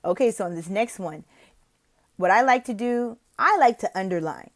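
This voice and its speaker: A woman explaining how to teach an online lesson, walking through slides in an expressive, animated way. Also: normal speed. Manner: animated, expressive, slips into whispers and a high sing-song teacher voice. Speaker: online English teacher giving interview tips. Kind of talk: instructional talk with acted classroom demos.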